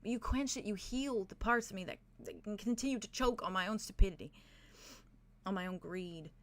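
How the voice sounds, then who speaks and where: A woman voicing a remorseful nobleman who speaks softly and pleads with an old friend in a tabletop game. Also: mid-range voice, normal speed, lightly acted. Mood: pleading. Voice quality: soft, pleading.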